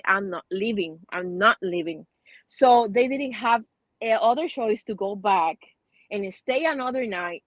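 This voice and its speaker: A woman hosting a casual chat, telling a story with many restarts and pauses. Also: medium pitch, no echo, dull audio. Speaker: host.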